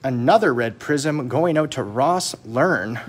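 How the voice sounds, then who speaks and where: A man's voice: mid-range voice, animated, slow pace, husky. A man hosting a hockey card break live, chatting casually and joking with viewers as he rattles off cards. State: jittery from too much caffeine. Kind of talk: casual live-stream chat.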